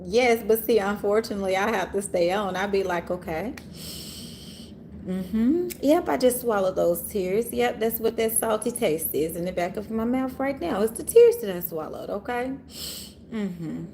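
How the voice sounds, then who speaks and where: A woman reader hosting a casual livestream, animated and laughing often, talking straight to her viewers in a room in the city. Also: mid-range voice, normal speed, a little hiss or hum. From Orange Mound, Memphis area, USA. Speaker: tarot reader and livestream host. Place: city hotel room, sirens outside.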